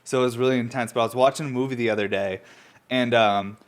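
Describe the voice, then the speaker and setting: A man's voice: mid-range voice, fairly even intonation, quick pace, clear, resonant tone. A young man from upstate New York hosting his own podcast, telling loose rambling stories between coughs and swearing casually, with a runny nose from smoking. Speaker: podcast host.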